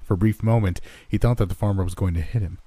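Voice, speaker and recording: A man narrating a horror story in a measured, somber way. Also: fairly low pitch, warm tone, no room sound.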